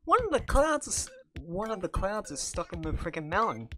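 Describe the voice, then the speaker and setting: A woman hosting a gaming video, giving casual commentary while she plays, excitable and blurting out reactions. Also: mid-range voice, normal speed. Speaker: gaming channel host.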